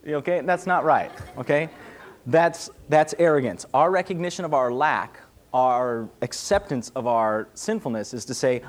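A man's voice: mid-range voice, moderate pace. A man, a pastor, answering questions in a casual, conversational sermon, acting out small voices. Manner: conversational, animated, acts out little voices.

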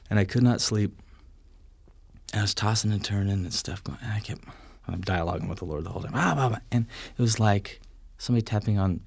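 A man with a somewhat low voice tells stories from his life in casual conversation. He is animated, chuckling and slipping into bits of acted-out dialogue. The sound is dry and close. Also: dry recording.

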